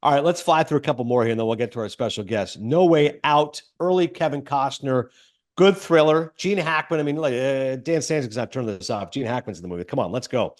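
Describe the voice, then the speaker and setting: A man's voice: mid-range voice, brisk. A man hosting a casual film podcast, reading trivia aloud with enthusiastic asides. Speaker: podcast host.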